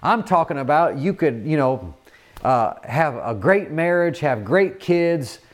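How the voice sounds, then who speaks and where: A man preaching a sermon in an earnest manner, often repeating words and filling pauses with "uh". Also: on the high side, very animated.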